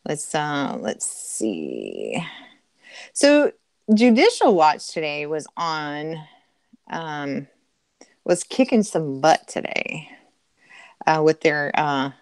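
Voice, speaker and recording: A middle-aged woman chats casually on a live stream, reading out viewer comments and laughing as she answers them. Her voice sits a little low for a woman. The recording is close and dry. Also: huge pitch swings, drawn-out words, pauses often, no echo. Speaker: livestream co-host reading chat.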